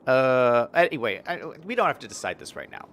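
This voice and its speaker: A man's voice: mid-range voice, big pitch swings, fairly quick, a bit bright, slight background noise. A young man casually commenting on his city-building game and reading chat messages during a live stream. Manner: chatty, upbeat, reads out chat messages.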